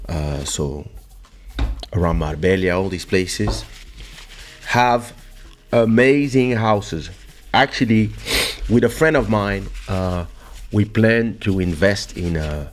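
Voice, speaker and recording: A man with a fairly low voice hosts a podcast in an easygoing, chatty way. His pitch rises and falls a great deal as he tells stories, and he laughs often. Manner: animated storyteller, laughs often, swings his voice up and down. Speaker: podcast host. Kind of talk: casual chat.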